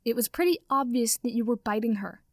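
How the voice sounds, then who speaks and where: A flustered young wizard, jumpy and earnest, who protests in startled bursts, as a woman reader puts him on. The voice sits fairly high and sounds dry and close. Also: fairly quick, no room sound, close to an everyday voice.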